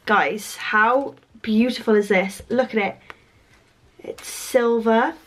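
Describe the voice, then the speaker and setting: A young woman talks to her viewers as she unboxes parcels, bubbling over with delight and peppering her talk with "um" and "oh my gosh". Her voice sits fairly high and she speaks at a slow, lingering pace, stretching out her exclamations. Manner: gushing and excitable, many fillers. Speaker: stationery vlogger. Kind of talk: unboxing vlog.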